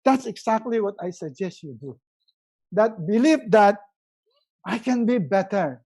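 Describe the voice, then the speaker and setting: A man with a Filipino accent giving a motivational webinar talk as a resiliency coach, emphatic and repeating key words, often dropping his voice low and soft to stress a point. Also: expressive, measured pace, breathy edge, poor audio. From Philippines.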